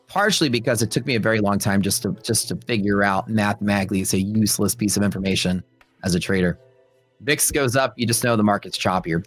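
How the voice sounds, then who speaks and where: A young adult man hosting a trading livestream, chatting casually with his audience and telling stories with playful quoted voices. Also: on the low side. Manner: joking, animated storytelling with quoted voices. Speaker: livestream host. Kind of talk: casual chat with live chat.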